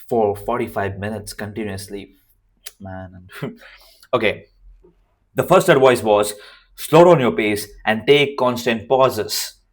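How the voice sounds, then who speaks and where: A man with a worn, hoarse voice giving an unscripted to-camera lesson as a communication coach, emphatic and repeating his key phrases. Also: mid-range voice.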